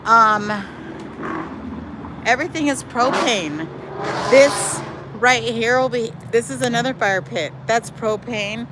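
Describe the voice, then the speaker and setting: A woman livestreams casually from her backyard, reading viewer comments in a lively, chatty way and calling everyone y'all. Her voice is on the high side, and she speaks slowly with frequent pauses. Faint outdoor noise and traffic sit in the background.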